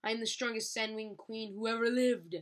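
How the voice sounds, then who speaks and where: A woman's voice: on the high side, fairly even intonation, a little fast, pitched above the performer's own voice, natural voice. A woman voicing a small, eager young female dragon who plays at being a grand queen in a mock-grand, playful way. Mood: playful pompous.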